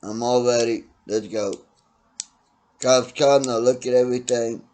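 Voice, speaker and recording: Man, middle-aged, slow-talking, blunt profane rant, loud bursts and low mutters. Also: fairly even intonation, a little hiss or hum. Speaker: vlogger ranting to camera.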